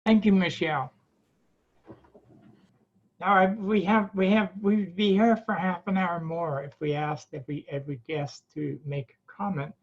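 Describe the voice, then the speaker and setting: A man with a Devon accent, club president, giving closing remarks at an online meeting in a halting way, with many fillers and restarts. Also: sits high, fairly even intonation. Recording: dull, lo-fi video call audio.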